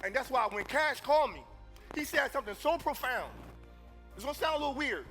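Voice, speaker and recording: A man speaking from a conference stage, his voice sitting high and sounding bright and forceful. He preaches to the crowd, dropping to a hushed, personal tone and then rising to loud calls. Faint music plays behind him. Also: lively intonation, a little fast. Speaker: motivational speaker. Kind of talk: live motivational speech. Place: conference stage before an audience.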